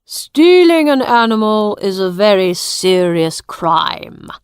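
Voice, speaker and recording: A woman voicing a stern male judge in a storybook reading, firm and slow. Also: mid-range voice, sing-song, smooth, no echo, clean studio sound.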